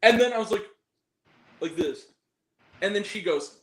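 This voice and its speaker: A man giving a casual film review, animated, laughing often and acting out scenes in lively quoted voices. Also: high voice, unhurried. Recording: echoey room with faint noise.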